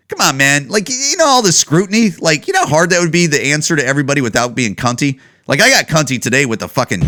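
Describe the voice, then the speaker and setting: A man hosting a podcast, ranting casually and swearing a lot. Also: medium pitch. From Chicago. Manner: profane, animated ranting. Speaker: podcast host. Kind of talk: casual rant.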